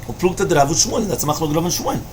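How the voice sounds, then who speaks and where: Man teaching Talmud, higher voice. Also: quick pace, a little hiss or hum. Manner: explains each line, repeats with "right?" and "you understand?". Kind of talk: Talmud study lecture.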